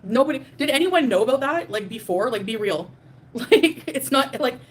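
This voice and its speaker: A woman's voice: a little high, expressive, fairly quick, slight background noise. A young adult woman hosting a livestream, ranting defiantly and profanely at her chat, with many fillers. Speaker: livestream host. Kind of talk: livestream rant reading super chats.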